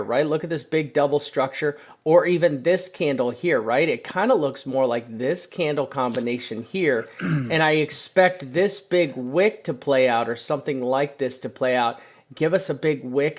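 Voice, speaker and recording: A man walking through crypto price charts in casual talk, full of fillers and a repeated "right?", slowing down to stress his warnings. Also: on the high side. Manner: talks fast and loose with many fillers, repeated "right?".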